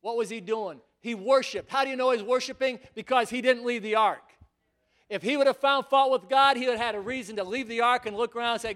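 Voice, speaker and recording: A man preaching a sermon, emphatic and full of rhetorical questions, at times building to near-shouts. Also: very high-pitched, fairly quick.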